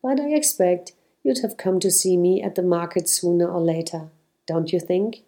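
A woman reading aloud, voicing a kind, very old male flower seller who talks in a gentle, secretive way. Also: on the low side, moderate pace, natural voice. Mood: genial.

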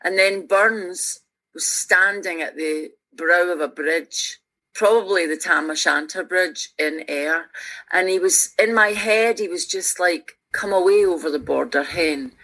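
With a lowish voice, she takes her time. She's a Scottish musician of roughly sixty with a Glaswegian accent, a radio guest recounting reflective stories in an earnest, animated, heartfelt manner and often starting over mid-thought.

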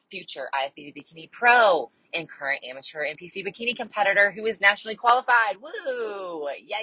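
A young woman hosting her own podcast, chatting casually and bubbly with lots of fillers, enunciating crisply. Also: deep voice, a bit bright, no echo, rough recording. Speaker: podcast host. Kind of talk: casual solo podcast chat.

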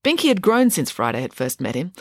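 Lively woman narrating a storybook. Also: low voice, fast, no room sound, clean studio sound. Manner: expressive, lively reading. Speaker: audiobook narrator.

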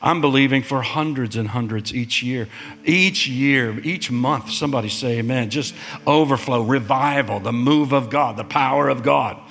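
A man preaching a sermon as pastor, animated, with big pitch swings and calls for amen. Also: moderate pace, creaky.

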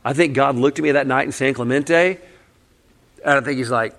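A man's voice: medium pitch, normal speed, a bit bright. A man preaching a conversational sermon in a candid, casual way, often saying "man" and breaking into short laughs. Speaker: pastor.

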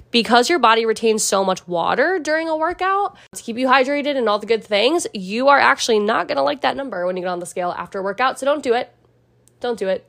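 A young woman hosts a casual solo podcast in a chatty, upbeat way, speaking straight to her listeners as a personal trainer would. Her voice sits at an ordinary middle pitch for a woman. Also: a bit bright. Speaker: podcast host.

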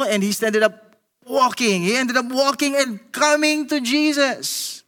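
Filipino man, preacher, sermon, high bright voice, long hall reverb. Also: measured pace. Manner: animated, switching between English and Tagalog, acting out Peter's lines.

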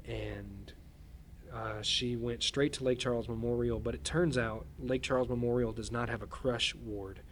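A man speaking as a podcast guest in casual storytelling, halting and repeating words as he earnestly recounts a frightening event. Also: medium pitch, fairly even intonation, a little hiss or hum. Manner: earnest, shaken retelling.

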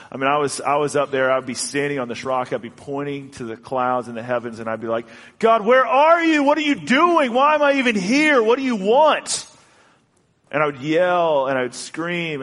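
A man preaching a sermon in an earnest, halting way, often restarting his sentences. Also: mid-range voice, a bit bright. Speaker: pastor. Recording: long hall reverb.

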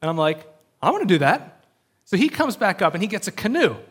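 A man's voice: sits high, a little fast, husky. Man preaching in a chatty story style. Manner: animated storytelling with frequent fillers, acts out voices. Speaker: pastor. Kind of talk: sermon.

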